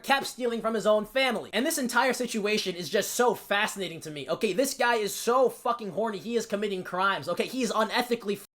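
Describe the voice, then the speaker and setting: A woman's voice: mid-range voice, fast, few pauses. A woman narrating a story in casual commentary, profane and exasperated. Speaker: video narrator.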